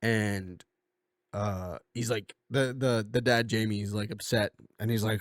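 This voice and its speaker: A man's voice: on the low side, unhurried, dry recording, clean studio sound. A man casually recapping a movie plot for a video essay, rambling with lots of fillers and a slight cough. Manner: rambling, filler-heavy, slips into goofy impressions. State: coughing a bit.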